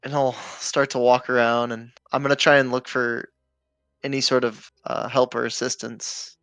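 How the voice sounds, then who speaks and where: Smooth-voiced male tabletop player. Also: medium pitch, level tone, moderate pace, fairly bright tone, no echo. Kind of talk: playing a tabletop game.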